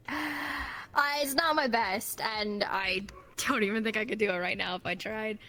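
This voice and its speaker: A woman being interviewed as a guest on a casual streamed talk show, chatty and quick to laugh. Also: mid-range voice, pushed and bright.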